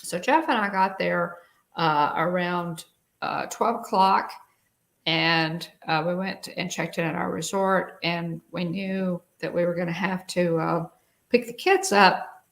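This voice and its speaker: Casting: middle-aged woman, low gravelly voice, rambling co-host chat. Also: unhurried. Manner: chatty, rambling, many fillers and restarts. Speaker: show co-host. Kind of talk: casual live-stream chat.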